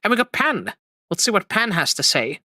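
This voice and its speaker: A man hosting a livestream, reacting to clips with expressive, mock-outraged chatter. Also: sits high, fairly quick, no room sound. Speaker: streamer host.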